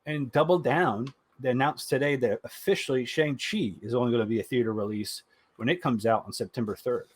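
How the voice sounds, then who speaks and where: A man's voice: mid-range voice, brisk, breathy edge, dry recording. A man hosting a podcast, chatting casually about movies in a loose, joking way with some swearing. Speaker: podcast host.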